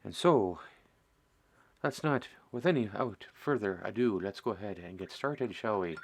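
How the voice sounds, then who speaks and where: Rambling middle-aged man with a low voice. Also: expressive, moderate pace. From Midwestern US. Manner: rambling, self-mocking, chuckles at himself. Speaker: host of a miniature painting stream. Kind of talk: casual chat while painting.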